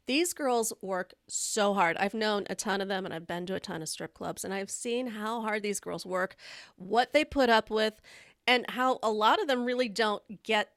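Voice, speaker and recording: A woman's voice: mid-range voice, normal speed, a bit bright, no echo, clean studio sound. A woman hosting a live stream, casually telling candid stories with a blunt manner and frequent laughter. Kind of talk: casual storytelling chat.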